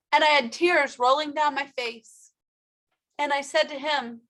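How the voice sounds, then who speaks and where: In a high, fairly even voice with a slightly bright quality, a woman gives a motivational workshop talk about her own life. She speaks at a measured pace, emphatically and directly to the audience.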